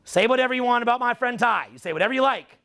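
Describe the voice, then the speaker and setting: Man, Canadian accent, middle-aged, seminar speaker, profane, teasing, bright, gravelly. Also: very high voice, lively intonation, rapid-fire. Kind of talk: live seminar talk.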